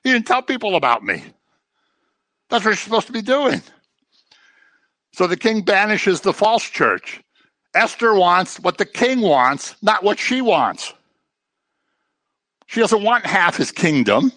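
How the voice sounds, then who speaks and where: A man preaching a sermon in a conversational way, with joking asides and animated delivery. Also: high-pitched, takes it slowly, pauses often, no room sound.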